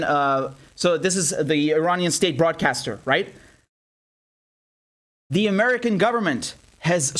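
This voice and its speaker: A young man hosting a live political commentary stream, animated and angry, swearing and joking as he talks. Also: a little high. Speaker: independent journalist and show host.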